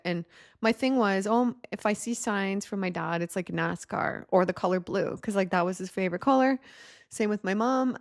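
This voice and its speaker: A woman's voice: mid-range voice, dry recording. Chatty woman vlogger, dry close sound. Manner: casual, rambling, with loose swearing. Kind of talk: emotional personal story to camera.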